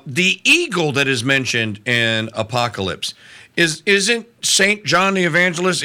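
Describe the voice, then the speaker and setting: A man's voice: mid-range voice, sharp tone. A man hosting a casual chat, playful and laughing often. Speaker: podcast host.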